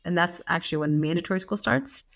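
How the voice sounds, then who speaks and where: American woman, thirties, low gravelly voice, chatty podcast co-host, quick laughs. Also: fairly bright tone. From United States. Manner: chatty, laughs often, many fillers. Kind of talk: casual chat.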